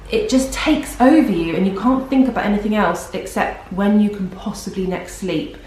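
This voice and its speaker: A young pregnant woman talks to her camera in a rambling, self-deprecating way, sounding worn out. Her voice sits at an ordinary middle pitch. The room around her rings with heavy echo. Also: normal speed, a little mellow. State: pregnant and tired. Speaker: vlogger. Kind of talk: casual vlog chat. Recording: very echoey room.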